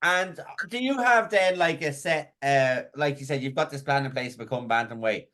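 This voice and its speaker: A man's voice: medium pitch, normal speed, fairly bright tone. A man interviewing a fighter, asking long, loose questions full of fillers. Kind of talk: casual interview.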